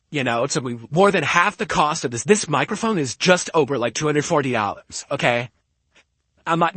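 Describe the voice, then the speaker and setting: An emphatic man on a home stream who argues his point and keeps checking in with "okay?". His voice sits a little high for a man. He talks right into a close podcast mic, with a dry, roomless sound. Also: fairly bright tone, dry recording. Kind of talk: casual stream talk. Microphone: studio podcast mic close up.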